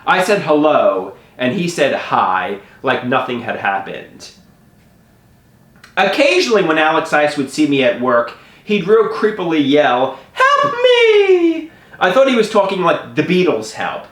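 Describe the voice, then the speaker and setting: A man telling a personal story to the camera in an animated way, often stammering and restarting his sentences. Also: fairly high pitch, unhurried, echoey room.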